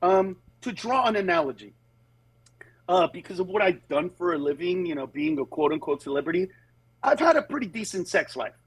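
A man, a comedian, talking casually in a conversational storytelling way, lively and quick to slip into impressions of other people, then earnest and steady on serious points. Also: high-pitched, husky, no echo, low-quality recording. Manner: animated, jumps into acted voices of others. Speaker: comedian guest on a talk show.

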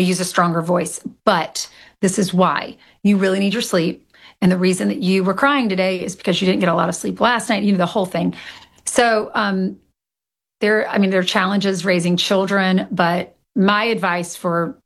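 A middle-aged woman being interviewed as an author, telling candid personal stories in casual chat. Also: mid-range voice. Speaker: author and guest.

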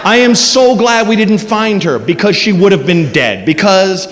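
A man tells a stand-up story with a high, lively voice that dips into low mutters and jumps to loud shouts. He is recorded live on stage, with a long hall reverb and faint ambient noise behind him. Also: normal speed, few pauses, a crowd in the background. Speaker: stand-up comedian.

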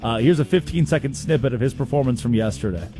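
A man hosting a casual, comedic sports talk show, telling stories with quick asides. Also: medium pitch, noisy background. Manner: animated storytelling with quick asides. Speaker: sports radio host.

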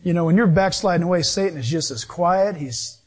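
A man preaching a sermon in a lively, animated way, acting out voices as he goes. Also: high-pitched, fairly quick, husky. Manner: animated, acts out voices and quotes.

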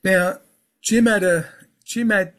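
A man's voice: high-pitched, steady tone, takes it slowly, a bit bright. A man talking casually as an interview guest, rambling, restarting his sentences and filling with um and yeah. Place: lives in England.

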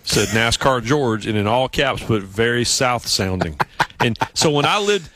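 A man with a Southern US accent, from South Carolina, hosting a sports radio show and telling stories in a casual, animated way. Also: unhurried, dry recording. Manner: animated storyteller, mimics coworkers in high voices. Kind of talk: casual radio chat and storytelling. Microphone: studio mic.

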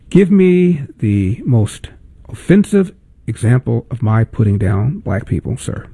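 A man's voice: fairly high pitch, sing-song, moderate pace, creaky, dark tone, breathy edge, no echo. A male talk show host giving mocking, sardonic commentary.

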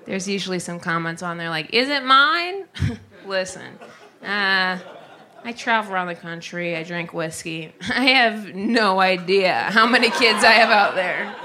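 Slow deadpan woman doing stand-up. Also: lowish voice. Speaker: stand-up comedian. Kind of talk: stand-up comedy.

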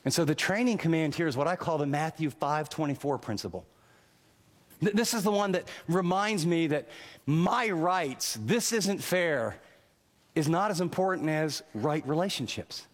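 A man preaching a radio sermon, animated, acting out inner voices and swinging between emphatic and earnest. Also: on the high side, normal speed, long reverb tail. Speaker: pastor.

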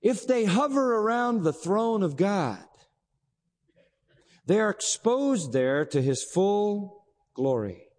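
A male pastor preaches in a high, sweeping voice that climbs and drops all over the place. He throws out rhetorical questions and holds dramatic pauses. His words ring out with a long hall reverb behind them. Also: sing-song, a little mellow. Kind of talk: sermon.

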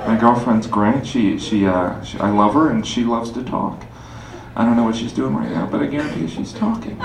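A man's voice: mid-range voice, moderate pace. A man doing a wry, self-deprecating stand-up set on a club stage. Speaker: stand-up comedian. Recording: echoey live club recording, loud crowd noise.

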